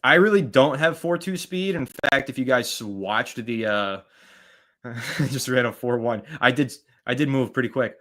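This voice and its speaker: A chatty male host with a sharp, bright voice. He talks loosely and rambles as he reads viewer comments on a live stream, shouting out people by name between his thoughts. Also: medium pitch, measured pace.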